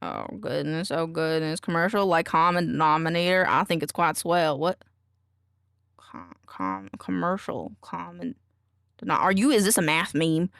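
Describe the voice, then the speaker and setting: A woman's voice: sits low, expressive, normal speed, vocal fry, a bit bright, no room sound, studio quality. A woman streamer in casual live-stream chat, goofy and teasing as she talks at her desk microphone.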